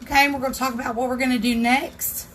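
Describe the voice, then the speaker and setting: A woman's voice: high-pitched, flat delivery, fast talker, fairly bright tone, a little hiss or hum. A woman hosting a casual craft tutorial livestream from her home craft room, chatting and greeting viewers by name.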